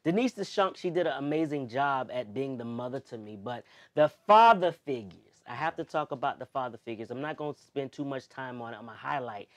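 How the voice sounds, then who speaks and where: A young adult man as an interview guest, speaking heartfelt and expressive, moving between loud emphasis and soft, near-tearful moments. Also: mid-range voice, brisk, few pauses. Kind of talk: emotional personal interview.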